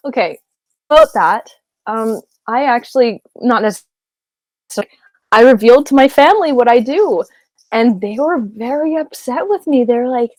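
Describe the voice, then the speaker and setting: Giggly, gushing woman with a brightish voice. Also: high voice, lively intonation, moderate pace, dry recording. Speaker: voice actor being interviewed. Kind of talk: casual interview chat.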